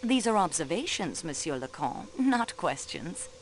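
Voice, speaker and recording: A woman's voice: lowish voice, big pitch swings, a little slow, slight background noise. An actress voicing a poised young woman detective from a video game, asking clipped, probing questions with a light touch. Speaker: train company clerk turned investigator.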